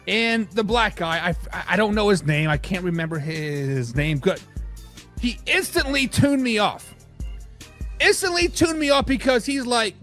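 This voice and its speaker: A man hosting a live sports talk show, reading fan comments and ranting in a casual, animated way. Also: sits high, normal speed, soft background music.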